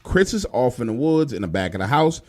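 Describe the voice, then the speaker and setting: A man's voice: medium pitch, big pitch swings, fairly quick, darkish tone, close to an everyday voice. A man quoting an anxious young wife. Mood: worried. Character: worried young wife at her door.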